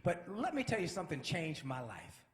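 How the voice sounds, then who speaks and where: A man giving a motivational speech with an energetic, preacher-like delivery that builds to shouts. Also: fairly high pitch, normal speed, roomy sound. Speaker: motivational speaker. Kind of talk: inspirational speech.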